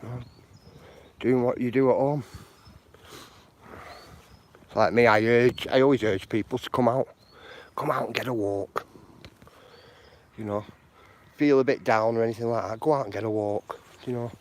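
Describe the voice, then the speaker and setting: A walking vlogger chats live while strolling outdoor footpaths, his mid-range voice fairly even in intonation and normal in speed, with long pauses and slight background noise. He's rambling and encouraging, saying "you know" a lot.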